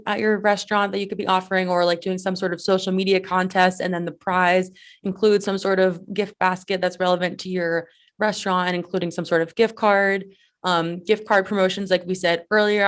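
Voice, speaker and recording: Casual podcast co-host, woman, middle pitch, talks through ideas with lots of "like" and "you know". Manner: rambling with many fillers. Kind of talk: casual chat.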